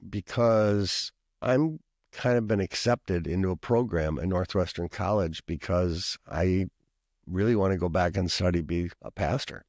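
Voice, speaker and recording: A man's voice: sits low, measured pace, darkish tone, dry recording, clean studio sound. A man from Minnesota, a pastor and professor, telling a long personal story in a rambling, conversational way with asides and frequent coughs. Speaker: pastor and professor, podcast guest.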